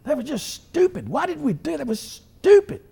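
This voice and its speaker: A man voicing an angry hunting buddy who gripes in a high, strained voice. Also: huge pitch swings, moderate pace, gravelly, dark tone, heavily acted. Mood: exasperated. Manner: high, strained, exasperated griping.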